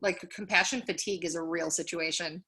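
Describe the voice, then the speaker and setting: A woman's voice: on the low side, fairly even intonation, a little fast, bright, forceful tone. A woman co-hosting a podcast in casual chat, rambling with lots of "like". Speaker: podcast co-host.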